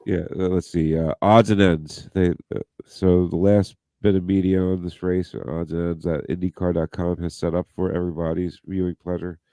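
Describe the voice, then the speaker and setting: Deep-voiced man on a podcast, swearing. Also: flat delivery, normal speed, hardly any pauses, warm tone, dry recording. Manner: profane, joking, reads quotes aloud. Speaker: podcast co-host. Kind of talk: casual podcast chat reading news.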